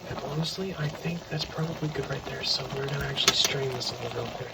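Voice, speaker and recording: This cooking channel host talks fast with vocal fry at a medium pitch, and the recording is very noisy. Rambling through a casual ASMR cooking chat in his home kitchen, he often corrects himself and sometimes drops to a whisper.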